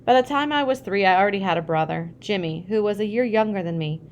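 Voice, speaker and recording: A woman reading a childhood memoir aloud, lively when she acts out family dialogue. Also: mid-range voice, quick pace, slight background noise. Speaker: reader.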